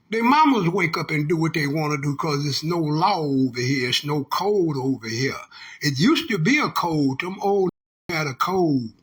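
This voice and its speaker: Older man with a drawl, high husky voice, profane preachy rant. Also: a bit bright. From Texas. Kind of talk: casual monologue rant.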